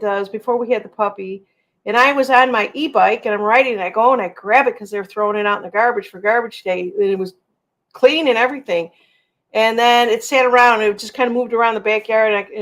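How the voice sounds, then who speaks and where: Chatty woman hosting a livestream. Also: mid-range voice. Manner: rambling, chatty, reads viewer comments aloud. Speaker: livestream host. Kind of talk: casual livestream chat.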